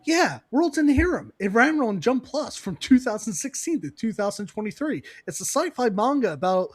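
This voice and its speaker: A crude, wisecracking adult antihero, as a man puts him on while retelling a comic. He talks in a slightly lower, hushed tone full of sarcastic asides. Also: very animated, moderate pace, full character voice. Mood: matter-of-fact.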